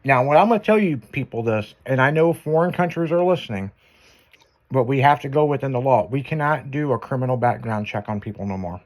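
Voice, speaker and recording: Crude laughing man, lively pitch. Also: brisk. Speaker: show host. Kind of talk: casual profane chat show banter.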